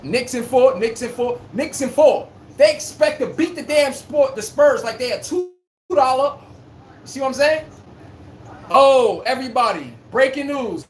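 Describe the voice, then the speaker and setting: A man hosting a casual sports live stream, reading chat and trash-talking in a brash, playful way, recorded on a phone. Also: extremely high pitch. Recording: echoey room with faint hum.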